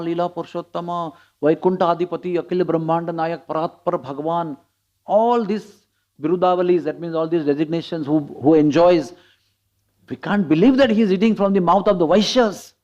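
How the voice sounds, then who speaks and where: A man's voice: fairly high pitch, darkish tone, lo-fi sound, lightly acted. Man voicing indignant celestial singers. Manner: complaining, raised and emphatic.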